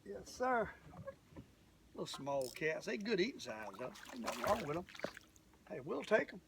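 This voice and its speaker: A man's voice: high-pitched, big pitch swings, moderate pace, vocal fry, recorded from a distance, noisy background. An older man, hosting a live fishing vlog from a boat on a lake, rambling and folksy as he talks straight to his viewers. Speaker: fishing show host.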